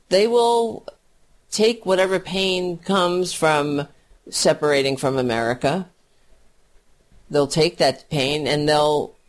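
Woman doing a political rant, scornful and swears a lot, kinda low voice, talks slow. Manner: blunt, scornful, profane; halting, restarts phrases often. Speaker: political commentator.

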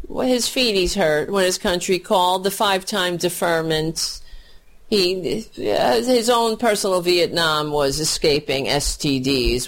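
A woman delivering a blunt, scornful and profane political commentary rant, often restarting her phrases. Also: fairly low pitch.

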